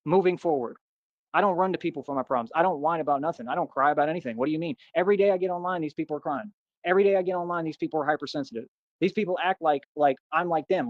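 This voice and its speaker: Defiant guy going off at his chat, pitched a bit high, dull muffled audio. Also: no room sound. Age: adult. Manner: boastful, combative, defiant. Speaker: livestreamer answering chat. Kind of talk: ranting live stream.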